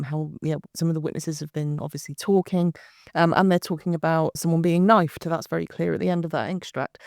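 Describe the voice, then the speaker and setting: A woman forensic linguist, a podcast guest, explaining her analysis step by step in a measured way with some fillers. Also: low voice, creaky, darkish tone, dry recording, studio quality.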